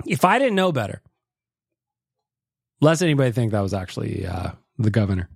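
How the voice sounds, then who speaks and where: A man's voice: fairly low pitch, very animated, fairly quick, creaky, slightly rough, no room sound, clean studio sound. Joking, laughing male podcast host. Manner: joking, swearing, laughs a lot. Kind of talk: casual podcast chat, reacting to voicemails.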